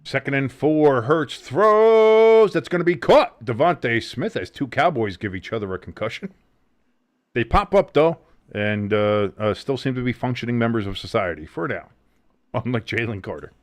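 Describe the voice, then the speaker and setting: A man with a New Jersey accent hosting a casual live watch-along, calling plays with excitement, swearing and joking. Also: mid-range voice, normal speed. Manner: excited play-by-play with swearing and jokes. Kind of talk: casual live game commentary.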